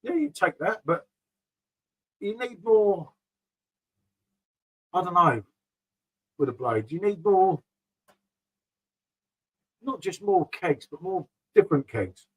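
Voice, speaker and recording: A man's voice: high voice, very animated, slow pace, pauses often, breathy edge, rough recording. A middle-aged man rambling casually about beer on a live stream, often calling viewers mate. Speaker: beer vlogger reading live chat.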